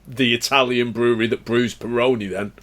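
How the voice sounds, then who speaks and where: A man's voice: medium pitch, fairly even intonation, a little fast, a bit bright. A British man co-hosting a podcast in casual chat, dry and matter-of-fact. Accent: British English. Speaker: podcast co-host.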